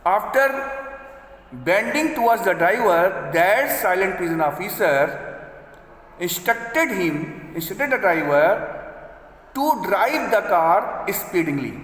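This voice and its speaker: A man teaching a story to his class in a high, unhurried voice. He restates every sentence in simpler words and stops to check that the students follow. The recording sounds roomy, with a long echo trailing each phrase. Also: a bit bright. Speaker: English teacher. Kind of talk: explaining a story line by line to students. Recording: echoey room with long reverb.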